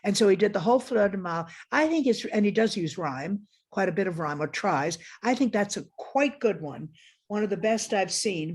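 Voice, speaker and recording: Woman literary critic on a video call, opinionated and rambly, middle-pitched voice. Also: a little mellow, slightly rough. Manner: frank, opinionated, digressive, corrects herself mid-thought. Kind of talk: conversational academic discussion.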